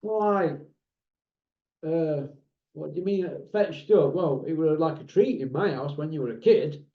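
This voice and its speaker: A man with a Northern English accent telling a casual story, lively and mimicking other people as he goes. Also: on the high side, a little slow. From Northern England. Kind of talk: casual anecdote. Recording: roomy, dull lo-fi sound.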